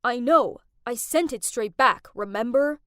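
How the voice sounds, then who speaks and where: A woman voicing a gruff, angry young man in an animated story, speaking curtly and accusingly. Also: high-pitched, moderate pace, no room sound, studio quality. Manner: curt and accusing.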